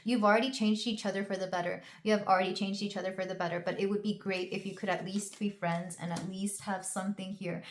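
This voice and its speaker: A young woman doing a casual tarot reading to camera, talking in an emotional, rambling way with many fillers and restarts. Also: medium pitch. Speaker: tarot reader. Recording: roomy echo.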